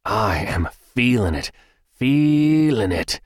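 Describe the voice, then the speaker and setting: A man voicing a jumpy, excitable young male athlete who talks loudly and almost sings his words. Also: fairly low pitch, normal speed, dry recording, clean studio sound, pitched above the performer's own voice, natural voice. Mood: hyped. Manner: loud, sing-song, then stammering.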